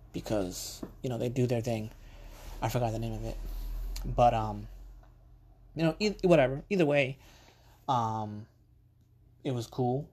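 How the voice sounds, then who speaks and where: Mellow-voiced New man telling stories. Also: mid-range voice. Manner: rambling and conversational, swears casually, many ums and asides. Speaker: podcast host. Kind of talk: casual storytelling monologue.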